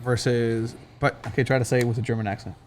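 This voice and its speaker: This is a man from Southern California co-hosting a casual sports chat, with a voice of middle pitch. He teases and laughs easily and drops in frequent fillers as he talks. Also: level tone, fast, crowd noise. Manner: teasing, laughs often, many fillers. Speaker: podcast co-host.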